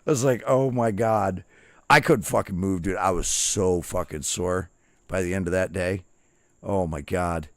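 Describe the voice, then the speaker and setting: A man's voice: sits low, moderate pace, no echo. A middle-aged man streaming a game, casually telling profane boot camp stories and acting out the people in them. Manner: profane, animated anecdotes with quoted dialogue. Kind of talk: casual storytelling while gaming.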